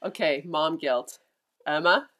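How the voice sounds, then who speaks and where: Lower-voiced middle-aged mother, reflective. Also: slow, a bit bright. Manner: reflective, restarts with repeated words. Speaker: mother and podcast co-host. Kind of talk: casual chat.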